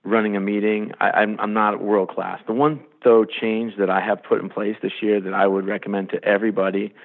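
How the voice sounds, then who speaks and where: Low gravelly man over a phone line. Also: fairly quick. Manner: animated storyteller, acts out quotes. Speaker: sports executive guest. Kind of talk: storytelling in a podcast interview.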